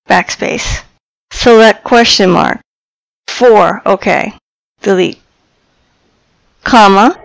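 A woman presenting a software tutorial, dictating voice commands in a clipped, deliberate way into a headset microphone. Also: mid-range voice, creaky, dry recording, poor audio.

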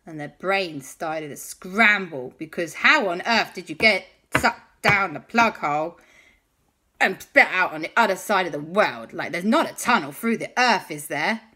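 A woman's voice: fairly low pitch, lively intonation, a little slow, sharp tone, husky. A woman hosting a children's show, improvising a bedtime story with chatty, playful asides to the listeners.

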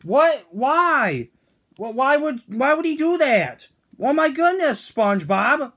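A man's voice: very high-pitched, big pitch swings, slow, sharp tone, heavily acted. A man voicing Toad as a grumpy, whiny male figure in a fan-made cartoon, ranting with indignant questions. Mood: annoyed.

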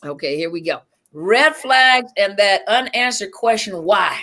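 A woman's voice: medium pitch, expressive, unhurried, a bit bright. A woman with a Southern US accent hosting a casual livestream, greeting viewers by name with lots of fillers. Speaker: livestream host and coach.

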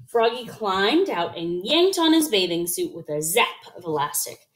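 A woman's voice: medium pitch, very animated, unhurried. A woman reading a children's picture book aloud, expressively, with sound effects. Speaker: storyteller.

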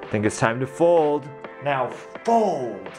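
A man's voice: mid-range voice, sing-song, music in the background. A young man in his twenties filming a casual daily vlog at home, chatty and laughing often as he talks to his camera. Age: 20s. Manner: chatty, laughs often, asks quick questions. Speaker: vlogger. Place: home kitchen, indoors.

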